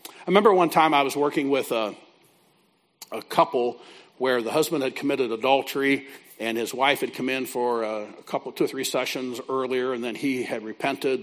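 A man's voice: mid-range voice, fairly even intonation, brisk. A man who works as a biblical counselor, teaching a class by telling a folksy, conversational story. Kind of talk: teaching through a told story.

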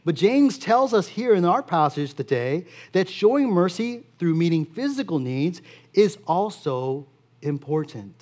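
A man preaching a sermon as pastor, earnest and steady, repeating key phrases for emphasis. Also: sits high, unhurried.

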